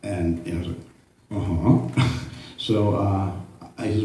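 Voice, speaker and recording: Mellow-voiced older man telling stories. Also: medium pitch, normal speed, long pauses, a little hiss or hum. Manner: animated storyteller who acts out dialogue. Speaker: photographer giving a gallery talk. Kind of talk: anecdotal storytelling to an audience. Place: large indoor art gallery. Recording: very echoey room, far from the mic.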